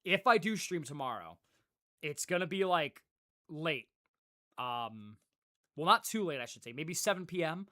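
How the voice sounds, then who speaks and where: A young man talking to his live stream audience in loose, casual chat. His pitch jumps all over the place as he gets animated, and he laughs and swears freely as he rambles on. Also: measured pace, pauses often. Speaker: livestreamer.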